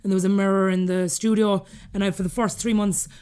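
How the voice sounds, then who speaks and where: A woman's voice: medium pitch, clear, resonant tone. A woman in her thirties with an Irish accent, a podcast guest telling her story candidly and acting out the dialogue she quotes. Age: 30s. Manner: rapid, animated, acts out quoted dialogue.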